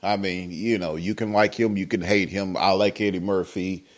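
A man's voice: low voice, fairly even intonation, moderate pace. A man hosting a podcast, giving rambling, opinionated commentary with many fillers. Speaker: podcast host. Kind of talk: casual commentary.

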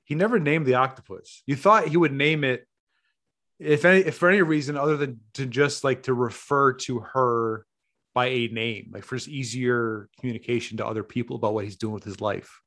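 A man's voice: mid-range voice, fairly quick, a bit bright, dry recording, clean studio sound. Blunt, swearing podcast guy. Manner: blunt, swears freely, laughs mid-sentence. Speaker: podcast co-host. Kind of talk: casual chat.

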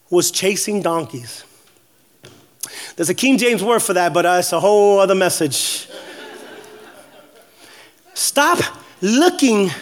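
Man, pastor, high-pitched voice, lively joking sermon, shouted declarations, from New York. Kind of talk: energetic sermon.

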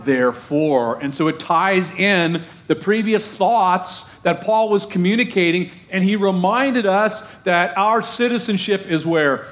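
Man, middle-aged, pastor, sermon, slightly high voice, conversational, asks the crowd questions. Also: measured pace, hardly any pauses, a bit bright. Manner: conversational preaching with questions to the congregation.

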